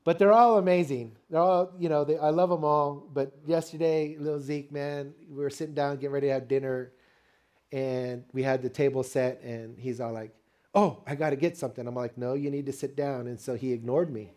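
An older man preaching a sermon, telling a family story with lively call-and-response to the congregation. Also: mid-range voice, moderate pace. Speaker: pastor.

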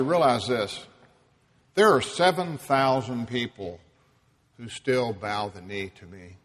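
A man's voice: mid-range voice, slightly rough. Man doing god telling someone to get back to work, firm and pushy, echoey church. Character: God as a blunt, urging male voice.

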